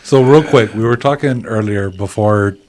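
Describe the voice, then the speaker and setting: A man's voice: fairly low pitch, normal speed, darkish tone, slight background noise. A man co-hosting a podcast who jokes around and nudges his co-host into telling a story. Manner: joking, prompting the storyteller. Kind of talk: casual podcast banter.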